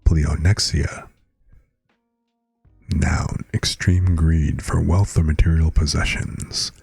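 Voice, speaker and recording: A man's voice: a bass voice, little pitch movement, slow, vocal fry, a little mellow, husky, no room sound, faint music behind. A man streaming live, chatting casually with viewers and reading out words with their definitions.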